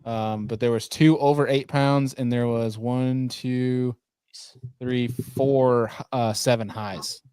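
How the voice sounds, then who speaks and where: A man's voice: medium pitch, steady tone, slow, darkish tone, clean tone, dry recording. A man hosting a casual fishing podcast, laid-back and often laughing as he leads the group. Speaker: podcast host.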